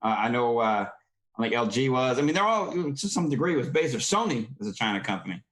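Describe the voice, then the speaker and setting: A man's voice: medium pitch, very animated, brisk, a bit bright. A man hosting a political talk show, rambling and agreeing with his guests. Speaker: host.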